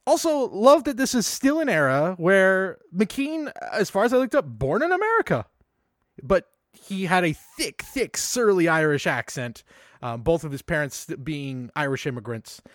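A man co-hosting a podcast, chatting in an animated, enthusiastic way with lots of fillers. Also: sits high, moderate pace, no room sound, clean studio sound. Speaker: podcast co-host. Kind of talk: casual film discussion.

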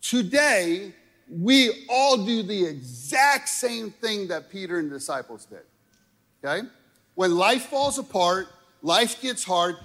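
A man with a slightly higher voice preaching a sermon to a congregation in a relaxed, talky way, again and again asking his listeners "right?" and "okay?". His voice rings with the long reverb of a large hall. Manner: conversational preaching with frequent rhetorical "right?" and "okay?". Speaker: pastor.

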